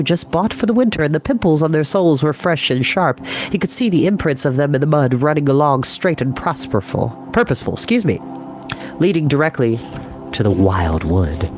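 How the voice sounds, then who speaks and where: A man reading a children's story aloud, pausing to explain words to children in a gentle manner. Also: mid-range voice.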